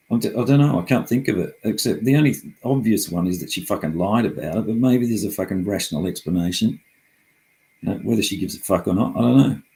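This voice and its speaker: A man's voice: on the low side, gravelly, a little mellow, poor audio. A middle-aged man talking casually and heatedly, frustrated and swearing often as he rambles through his complaints.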